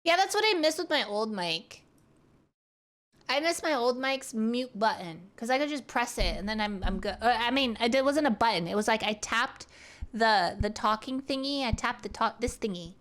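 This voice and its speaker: A woman's voice: a little high, expressive, normal speed, fairly bright tone. A woman streamer chatting casually and playfully close to a studio mic, rambling and restarting her sentences. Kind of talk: casual chat.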